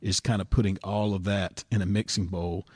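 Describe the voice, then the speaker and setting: A man's voice: deep voice, little pitch movement, moderate pace, slightly rough, no room sound, studio quality. A man, a pastor chatting casually in a discussion, telling stories in a folksy way and often repeating words as he starts a thought.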